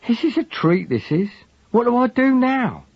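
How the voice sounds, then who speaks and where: A man voicing a truculent middle-aged Cockney manservant with a husky, grumbling, slangy delivery, on a dull lo-fi recording. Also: very high-pitched, sing-song, moderate pace, dry recording, pitched above the performer's own voice, exaggerated voice. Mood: rattled.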